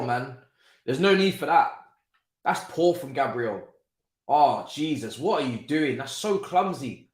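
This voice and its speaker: Excitable young man reacting to football. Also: a little high, unhurried, roomy sound. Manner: exclaims and reacts loudly, swears. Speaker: football watchalong host. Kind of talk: live football watchalong reaction.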